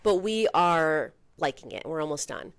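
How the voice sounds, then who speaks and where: A young woman with a low voice co-hosts a casual chat podcast. She talks breezily and fills her sentences with "like". The sound is dry and close, with no room behind it. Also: expressive, smooth, no room sound. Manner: chatty, heavy use of "like", quick asides. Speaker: podcast co-host.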